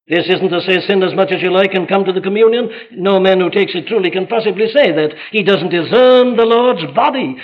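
In a dull, lo-fi recording, a high-voiced man delivers an earnest sermon. He fires off rhetorical questions and suddenly pushes his points harder.

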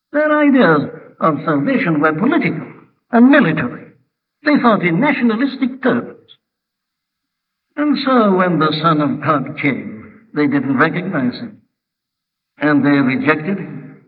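Impassioned preacher in a distant echoing hall. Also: male voice, a little high, big pitch swings, measured pace, long pauses. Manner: rhetorical questions, emphatic build-ups. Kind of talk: sermon. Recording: distant phone-like hall recording.

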